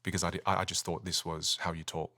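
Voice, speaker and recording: A man coaching speaking skills in a podcast studio, animated and melodic, swooping between high and low. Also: fast talker. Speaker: communication coach.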